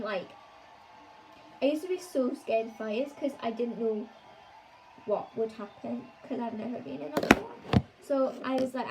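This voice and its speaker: A woman's voice: a little high, mellow, slight background noise, poor audio. A woman tells a casual story time to her channel, chatty and full of "like" fillers. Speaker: vlogger.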